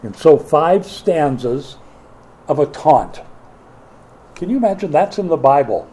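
A middle-aged man preaching a sermon as pastor, lively and playful, acting out taunts and quoted voices. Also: fairly high pitch, measured pace, poor audio.

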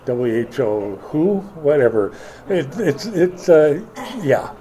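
A middle-aged man preaching a sermon as pastor, lively and playful, acting out taunts and quoted voices. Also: mid-range voice, takes it slowly, low-quality recording.

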